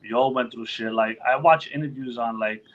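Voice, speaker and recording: Profane, animated podcast host, man. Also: medium pitch, moderate pace, muffled recording. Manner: loose and profane, acts out quotes in other voices. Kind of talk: casual chat.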